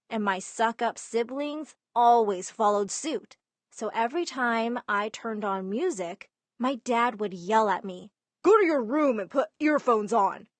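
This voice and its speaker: A young woman narrating her own story in first person, lively and putting on voices for family members. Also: mid-range voice, measured pace, no echo.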